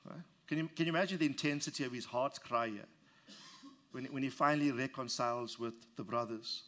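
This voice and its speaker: A man's voice: medium pitch, fairly quick, a bit bright. A man preaching a sermon, reading scripture verse by verse and leading his congregation in call-and-response. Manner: reads scripture aloud and expounds it verse by verse. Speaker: pastor.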